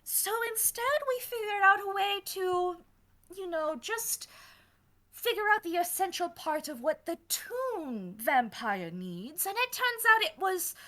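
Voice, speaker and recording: A woman voicing an elegant, doting female toon vampire in a hushed, sweet, lilting way. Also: extremely high pitch, very animated, unhurried, voice pushed up, exaggerated voice.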